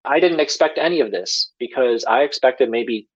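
A man's voice: medium pitch, moderate pace, husky, muffled recording. A man telling a personal story as a podcast guest, rambling casually with lots of fillers and chuckles. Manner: rambling, filler-heavy, chuckles while talking.

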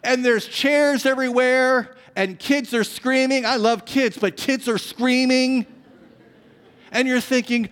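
High-voiced male pastor in a reverberant hall. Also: slow pace, smooth. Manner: dramatic, swings from booming to hushed; humorous asides to the congregation. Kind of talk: sermon.

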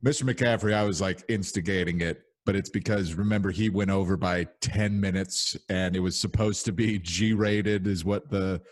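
A man's voice: low-pitched, steady tone, moderate pace, hardly any pauses. A young man hosting a podcast, telling rambling stories in casual chat with lots of fillers. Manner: rambling storyteller, many fillers. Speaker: podcast host.

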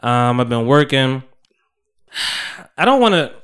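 A man's voice: mid-range voice, very animated, slow pace, a bit bright, clean tone. A man in his thirties hosting a podcast in loose, profane casual chat, laughing often. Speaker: podcast host.

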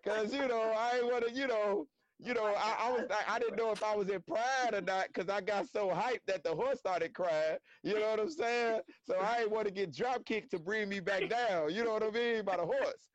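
Animated high-voiced man telling a story. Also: normal speed, dry recording. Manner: animated, slangy, acts out quotes in a high voice. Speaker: guest storyteller. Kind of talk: casual testimony storytelling. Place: live-streamed conversation.

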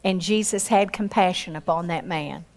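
A woman preaching a sermon with passion, acting out quoted voices and rising to high exclamations. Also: normal speed, a little mellow. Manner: acts out quoted voices in her storytelling.

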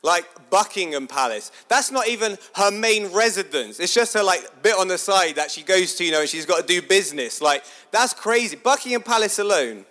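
Animated man telling a story. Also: sits high, normal speed, hardly any pauses. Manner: animated, chatty, asks the audience questions. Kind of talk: sermon-style storytelling talk.

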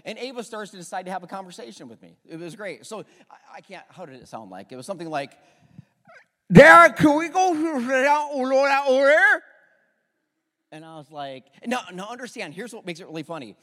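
A man preaching a sermon as a pastor, telling stories in a lively way and having the congregation repeat phrases after him. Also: on the high side, fast talker. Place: church sanctuary. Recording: long reverb of a church hall.

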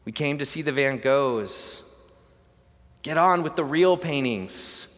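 A man voicing an impatient male art buyer who shouts angrily, with long hall reverb. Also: a little high, animated, slow. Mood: angry.

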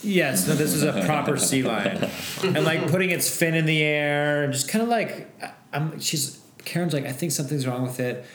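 A man's voice: on the high side, normal speed, over a noisy crowd. A man telling a long story to friends in a casual chat, acting out voices as he goes. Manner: animated storyteller, acts out voices. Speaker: podcast guest. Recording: echoey room, faint noise.

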